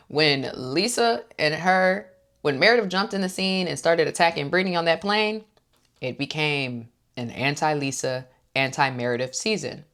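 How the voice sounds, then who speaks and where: Low-voiced woman with chatting about reality tv, opinionated, does quotes. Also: a bit bright. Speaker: host. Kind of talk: casual reality TV recap.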